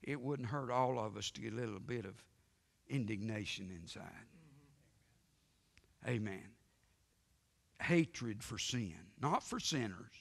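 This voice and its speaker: A male pastor preaching a sermon emphatically, swinging between loud outbursts and hushed lines, with frequent amens. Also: on the low side, lively intonation, slow pace, creaky, pauses often. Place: church sanctuary. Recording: reverberant church sanctuary broadcast.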